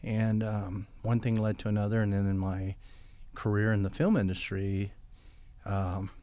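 A man's voice: on the low side, level tone, moderate pace, warm tone, dry recording. An older man telling long stories in an interview and acting out quoted dialogue as he goes. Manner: rambling anecdotes with quoted dialogue. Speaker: guest. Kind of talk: storytelling interview.

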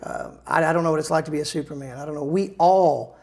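A man's voice: fairly high pitch, quick pace, creaky. A male songwriter in a casual interview, rambling through stories with restarts and self-deprecating humor.

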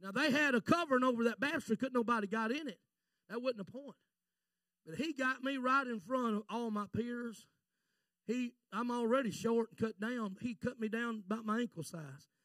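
A middle-aged man preaching a fervent Pentecostal sermon, swinging from shouts to hushed storytelling. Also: very high-pitched, moderate pace, no echo. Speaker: visiting preacher.

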